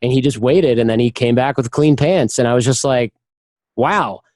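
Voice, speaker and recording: A man's voice: mid-range voice, a little fast, dark tone, no room sound. A man as a podcast guest, chatting candidly in an interview and telling personal stories, often acting out the voices of the people in them. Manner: candid storyteller, acts out quoted voices. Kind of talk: casual interview chat.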